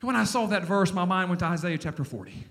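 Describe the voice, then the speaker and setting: A middle-aged male pastor preaching a sermon in a church, animated and calling on the congregation to respond. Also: high-pitched, fast. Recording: long hall reverb.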